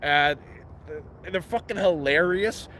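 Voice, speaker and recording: A man's voice: high-pitched, slow, pushed and bright, slight background noise. A man hosting a casual live stream outdoors in the woods, giving frank, profane advice, talking into a phone as he walks around his camp. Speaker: livestream host living outdoors.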